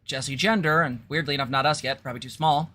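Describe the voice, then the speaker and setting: A woman's voice: very deep voice, fairly even intonation, fast talker, bright, forceful tone. A woman co-host talking casually in a chatty, conversational way. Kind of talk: casual commentary.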